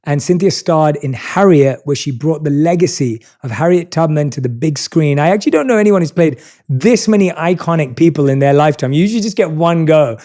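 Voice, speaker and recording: A chatty London host with a voice pitched a touch above most men's, soft and mellow in tone. He introduces his guest with enthusiasm, then slips into easy, friendly conversation. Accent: London English. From North London, England. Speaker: podcast host. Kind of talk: interview intro and casual chat.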